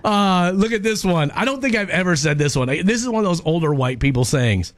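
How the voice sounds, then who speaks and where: A man's voice: high-pitched, animated, dry recording. A man hosting a radio show in casual banter, reading listener texts and laughing often. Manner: playful, quick to laugh.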